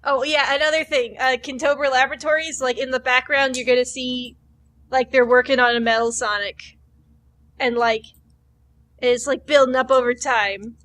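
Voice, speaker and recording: Woman co-host, high voice, rambling casual podcast chat. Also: fairly even intonation, normal speed, fairly bright tone. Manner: rambling, filler-heavy, acts out characters.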